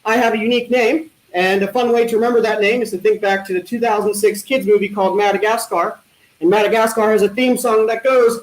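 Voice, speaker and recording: A man doing stand-up one-liners at an online talent show, with a deadpan punning delivery and hesitant fillers. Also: high voice, fast. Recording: echoey room.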